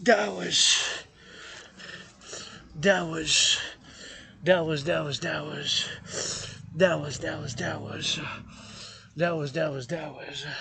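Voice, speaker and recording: A man's voice: on the high side, fairly even intonation, very slow, creaky, long pauses, sharp tone, breathy edge. A man vlogging outdoors on a mountain forest trail while walking, rambling and repeating himself, breaking into chanted freestyle rhymes. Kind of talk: walking vlog with freestyle singing.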